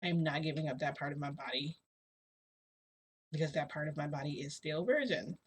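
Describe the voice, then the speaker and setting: A woman's voice: low-pitched, a little fast, slightly rough. Woman rambling through a casual story. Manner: rambling, filler-heavy retelling. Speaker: shifting vlogger.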